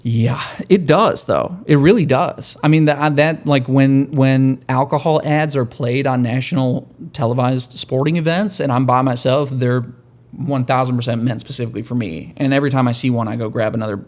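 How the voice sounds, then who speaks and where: Guy podcast host just riffing, swears a lot, dark jokey rambling. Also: medium pitch, normal speed. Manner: rambling, profane, wry dark humor. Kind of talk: casual podcast monologue.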